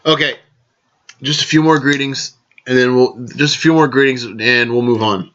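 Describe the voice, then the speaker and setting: A man's voice: medium pitch, moderate pace, fairly bright tone, lo-fi sound. A man hosting a casual vlog, rambling along, correcting himself and raising toasts to his listeners. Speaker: podcast host.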